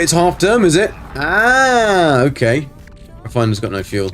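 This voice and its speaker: A man's voice: fairly high pitch, big pitch swings, moderate pace, faint music behind. A middle-aged man on a casual live game stream, answering chat and muttering to himself as he plays.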